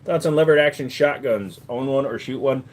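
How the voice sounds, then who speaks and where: A man's voice: medium pitch, a little fast. A man from the United States hosting a casual livestream, joking and answering viewers' questions at a desk microphone. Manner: joking, slips in and out of put-on accents. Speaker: livestream host.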